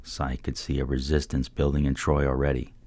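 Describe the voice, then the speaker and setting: A man narrating an audiobook with an exceptionally deep, low voice. He tells the story in an even, unhurried way, recorded close on a studio mic with a dry sound. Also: no room sound.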